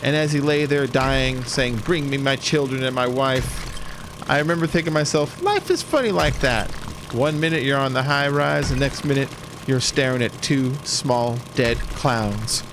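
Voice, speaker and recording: A man's voice: mid-range voice, lively intonation, moderate pace, noisy background, voice pushed up, natural voice. A man voicing an awkward, mopey middle-aged woman playing a schoolgirl, in a sing-song storytelling lilt. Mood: morbid storytelling.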